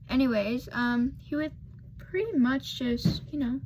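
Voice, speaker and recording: A woman's voice: sits high, measured pace, a little mellow, a little hiss or hum. A woman vlogger telling a casual storytime while doing her makeup, rambling and losing her thread with lots of fillers.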